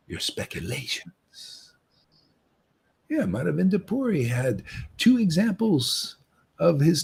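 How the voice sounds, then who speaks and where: Animated husky man preaching. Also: fairly high pitch. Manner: casual, animated, says "man" often, acts out quoted voices. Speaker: spiritual teacher. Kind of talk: informal devotional talk.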